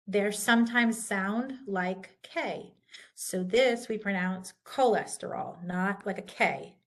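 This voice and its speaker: A woman instructor giving a recorded lecture, patiently walking through pronunciation rules. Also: mid-range voice. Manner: patient, slow and deliberate, contrasting correct and wrong pronunciations.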